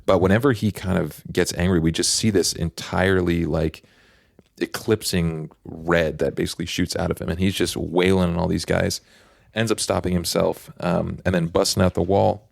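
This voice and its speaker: Gravelly low-voiced man talking comics. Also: fairly even intonation, moderate pace, dry recording, clean studio sound. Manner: rambling, heavy use of fillers. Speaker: podcast co-host. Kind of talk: casual comics discussion.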